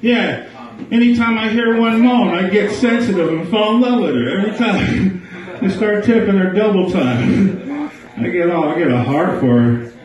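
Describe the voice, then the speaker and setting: A man's voice: high voice, moderate pace, far from the mic. A man doing a crude live stand-up set in a small bar, riffing with the crowd. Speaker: stand-up comedian. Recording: echoey bar, mic heard from afar.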